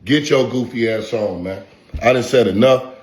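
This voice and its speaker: A man's voice: mid-range voice, normal speed, darkish tone. A man, an online content creator, delivering a profane, taunting vlog rant full of repeated insults. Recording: roomy echo.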